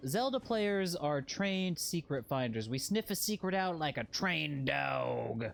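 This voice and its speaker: A man's voice: on the high side, sing-song, measured pace, vocal fry. A man streaming a video game, joking with chat and repeating phrases in mock panic. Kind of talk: casual gameplay commentary.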